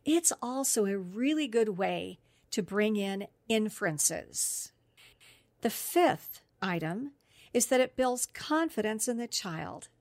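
A middle-aged woman talks through therapy techniques on a podcast, upbeat and walking through them point by point. Her voice sits at an ordinary middle pitch. The sound is dry and close, with no room around it. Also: animated, slow, no room sound. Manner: explanatory, upbeat, lists steps. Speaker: speech-language therapist guest. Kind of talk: instructional podcast talk.

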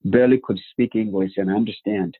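A man telling his life story as a guest, animated, with rhetorical questions and acted-out quotes. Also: lowish voice, fairly quick, breathy edge. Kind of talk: personal storytelling. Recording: phone-like narrow band.

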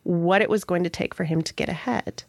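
A woman's voice: fairly low pitch, fairly even intonation, no room sound, clean studio sound. A woman co-hosting a casual podcast conversation, retelling a history with reflective, storytelling asides. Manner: reflective, storytelling, quick agreeing interjections. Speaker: podcast co-host.

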